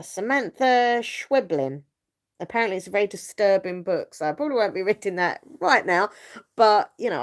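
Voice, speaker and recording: A young woman host chatting casually on a live stream from her bedroom at home, rambling and laughing often. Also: lowish voice. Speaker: channel host.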